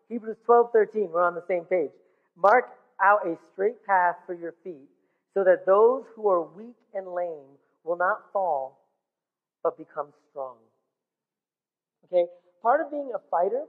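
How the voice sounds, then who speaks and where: A man preaching a sermon, telling his own story earnestly to the congregation. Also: sits high. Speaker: pastor. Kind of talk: sermon with personal testimony. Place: church hall. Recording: tinny phone-like sound with long hall reverb.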